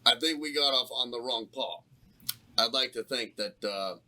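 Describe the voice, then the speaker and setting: A man's voice: medium pitch, moderate pace, bright, forceful tone. A man playing a tabletop game, talking playfully in a mock-formal character voice. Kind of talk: in-character role-play.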